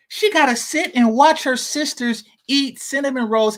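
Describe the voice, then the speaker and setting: A male commentator talks bluntly and mockingly. His voice is bright and sharp, and his pitch rises and falls in lively swings. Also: measured pace, hardly any pauses. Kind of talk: reaction commentary.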